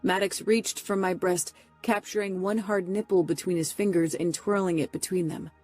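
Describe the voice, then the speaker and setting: A woman narrating a first-person romance audiobook in a steady, close delivery. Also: on the low side, moderate pace, no room sound, soft background music.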